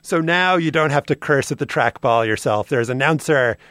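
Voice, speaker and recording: A man's voice: mid-range voice, animated, fairly quick, fairly bright tone, no echo. A man co-hosting a podcast, telling a prepared story in a dry, wry way. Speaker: podcast co-host. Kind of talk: casual chat, reading a prepared segment.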